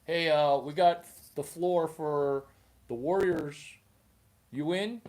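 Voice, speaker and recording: A man's voice: on the high side, takes it slowly, darkish tone. A man voicing a brash young tech bro who talks in a chummy, buddy-buddy way.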